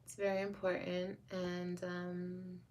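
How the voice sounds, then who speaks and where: A woman's voice: lowish voice, completely flat delivery, slow pace, a little mellow, slight background noise. A woman vlogger chatting casually with her viewers and answering their comments, frank and rambling, and calling them babe and girl. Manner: rambling, with restarts.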